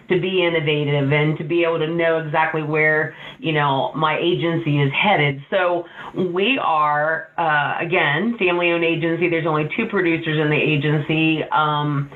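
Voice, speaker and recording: A woman who owns a small agency speaks candidly on a panel, breaking into giggles and playing down her own work. Her voice comes through a tinny, phone-like line with an echoey room around it. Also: low voice. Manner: giggly and self-deprecating. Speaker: insurance agency owner on a panel. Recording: tinny echoey call audio.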